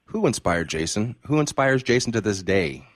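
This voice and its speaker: A man's voice: lowish voice, big pitch swings, normal speed, no room sound. A man in his fifties hosting a radio interview show, effusive and emphatic as he talks with his guest. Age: 50s. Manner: effusive, warm praise and emphatic delivery.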